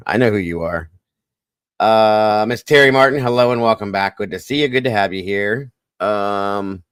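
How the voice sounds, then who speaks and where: A man hosting a livestream, rattling off quick, folksy greetings to viewers by name. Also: fairly low pitch, fairly bright tone, no room sound, clean studio sound. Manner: fast, folksy greetings with Southern-style phrasing. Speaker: livestream host. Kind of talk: casual livestream shout-outs.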